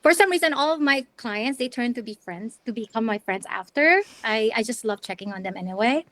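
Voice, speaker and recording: A middle-aged woman from the Philippines, telling her story as an interview guest in a chatty, animated way with lots of restarts. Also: on the high side, brisk, no echo. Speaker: interview guest, wedding planner and videographer.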